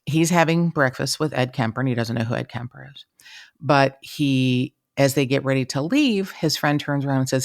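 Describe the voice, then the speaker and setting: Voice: medium pitch, normal speed, creaky. Podcast host telling a story. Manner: lively, profane anecdote telling. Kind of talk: casual storytelling.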